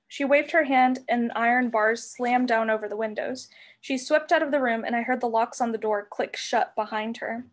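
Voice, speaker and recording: Lady reading a chapter book out loud, expressive, kinda high voice. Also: moderate pace. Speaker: reader. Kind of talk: reading a novel aloud.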